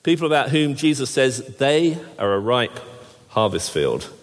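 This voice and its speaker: A man's voice: medium pitch, very animated, a little slow. A man preaching a sermon, with wry, jokey asides and frequent restarts. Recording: long hall reverb.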